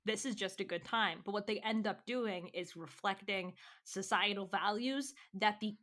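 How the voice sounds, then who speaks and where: A woman joins a casual podcast discussion with an animated, eager delivery. Her speech is peppered with likes and quick agreement. Her voice is bright at an ordinary pitch for a woman. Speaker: podcast cast member.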